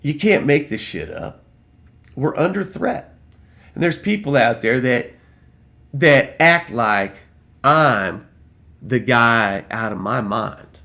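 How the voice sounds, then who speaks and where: A man's voice: medium pitch, lively intonation, slow pace, sharp tone. A man vlogging an angry, profane rant, repeating his lines for emphasis.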